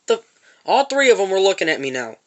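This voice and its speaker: A man's voice: high-pitched, big pitch swings, brisk. A man telling an angry, profane story about a confrontation in a parking lot, repeating himself as he goes. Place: parked van.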